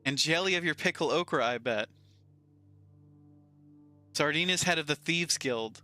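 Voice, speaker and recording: A man's voice: a little high, unhurried, pushed and bright, faint music behind. A man with a Southern US accent streaming a game, reading chat aloud and bantering playfully.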